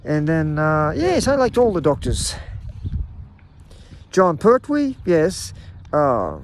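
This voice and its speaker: Rambling man with a lively, high voice. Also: takes it slowly, slight background noise. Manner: rambling, stammering restarts. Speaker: vlogger. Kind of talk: casual rambling monologue.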